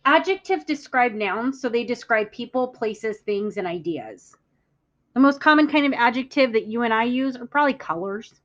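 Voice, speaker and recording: A woman teacher giving a classroom vocabulary lesson, speaking clearly and deliberately, stressing words for the class to echo. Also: a little high, lively intonation, a bit bright. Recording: muffled lo-fi audio.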